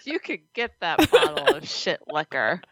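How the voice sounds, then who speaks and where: A woman's voice: mid-range voice, huge pitch swings, unhurried, no room sound. A woman co-hosting a podcast in casual chat, blunt and joking, swearing casually. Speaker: podcast co-host.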